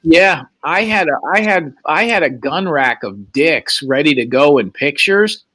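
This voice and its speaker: Animated, profane male storyteller. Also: on the high side, measured pace. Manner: profane, animated, acts out quotes. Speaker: host. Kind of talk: casual storytelling.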